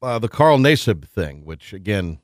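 Animated male sports radio host. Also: lowish voice, no echo, clean studio sound. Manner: animated, quick to joke, restarts sentences. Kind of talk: casual sports talk radio banter.

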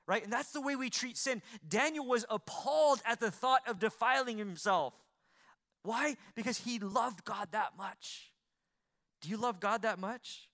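High-voiced bright preaching man. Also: expressive, measured pace. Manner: preaching with sharp swings between loud emphasis and quiet pleading; repeats lines for emphasis, asks the congregation questions. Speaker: pastor. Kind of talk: sermon.

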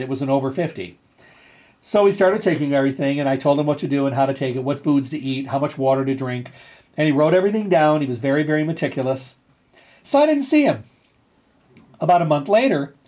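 Middle-aged man, show host, earnest and repetitive storyteller, mid-pitched voice, slightly muffled lo-fi sound. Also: a little mellow. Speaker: radio show host and health food store owner. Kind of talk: casual storytelling monologue.

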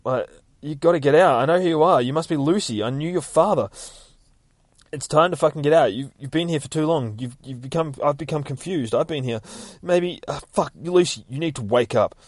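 A man's voice: on the high side, brisk, no echo, voice pushed up, close to an everyday voice. A man voicing a weary very old man, a lost dreamer turned hero, who rambles in a pleading, confused way, in a dry, close recording. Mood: urgent pleading.

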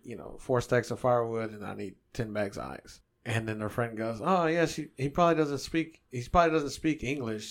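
A man, co-hosting a podcast and telling stories in casual, profane chat. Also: medium pitch. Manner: animated storytelling, swears a lot.

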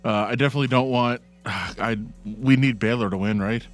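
A man talking casually about sports as a guest, hesitant and relaxed with many fillers. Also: mid-range voice, normal speed, soft background music.

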